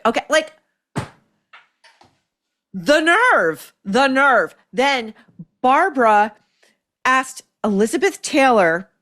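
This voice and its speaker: A woman hosting an opinion show, delivering blunt, sarcastic, profane commentary. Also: a little high. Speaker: podcast host.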